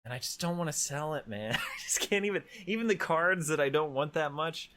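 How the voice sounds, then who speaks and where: A man co-hosting a casual hobby podcast, talking in a relaxed, self-deprecating and hesitant way. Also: on the high side, brisk. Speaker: podcast co-host.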